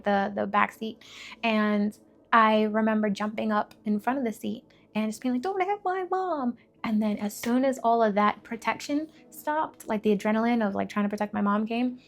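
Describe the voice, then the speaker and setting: Young woman, mid-range voice with fry, candid personal testimony, emotional and rambling. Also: medium pitch. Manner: candid, emotional storytelling with many fillers. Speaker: faith vlogger.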